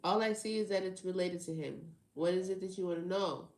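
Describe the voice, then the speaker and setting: A woman's voice: lowish voice, fairly quick, a little mellow, roomy sound. A woman hosting a tarot livestream, chatting casually with viewers in a teasing, slangy way and laughing often. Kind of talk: casual live chat with viewers.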